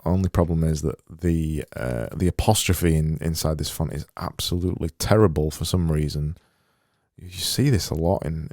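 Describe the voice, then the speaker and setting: A man's voice: deep voice, warm tone, dry recording, studio quality. A man and graphic designer talking through his work as he goes, thinking aloud in a muttering, self-deprecating way. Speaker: graphic designer making visuals. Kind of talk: casual screen-recorded work commentary.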